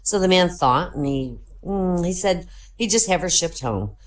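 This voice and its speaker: Woman telling jokes with a lively pitch. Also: moderate pace. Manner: lively joke-telling, voices characters in quotes. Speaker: comedy show host.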